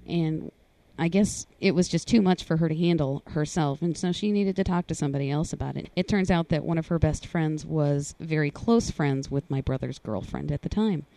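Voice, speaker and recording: Woman guest, low and mellow, dry recording; earnest, halting personal account. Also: dry recording. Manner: earnest, halting, rises in pitch when voicing others. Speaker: guest sharing personal story. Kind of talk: personal testimony in conversation.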